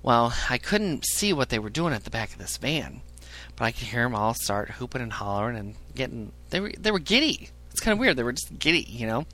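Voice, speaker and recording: A man telling a crude comic story in a casual, animated way, swearing freely and laughing at his own jokes. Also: mid-range voice, fairly quick. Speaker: podcast storyteller.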